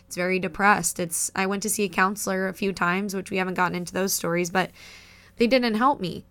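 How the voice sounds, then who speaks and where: A woman's voice: medium pitch, steady tone, a little fast, a bit bright. A woman co-hosting a podcast in casual chat, chatty and emotional, laughing often. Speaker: podcast co-host.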